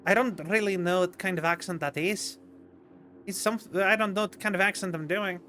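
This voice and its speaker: A man's voice: sits high, moderate pace, sharp tone, slight background noise. A male streamer chatting over gameplay in a rambling, self-deprecating way. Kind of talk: live-stream gameplay chat.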